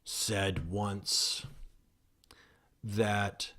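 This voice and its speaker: A man's voice: on the low side, steady tone, very slow, fairly bright tone. A man hosting a solo podcast, explaining ideas in a rambling way, often restarting and correcting himself mid-sentence. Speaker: podcast host.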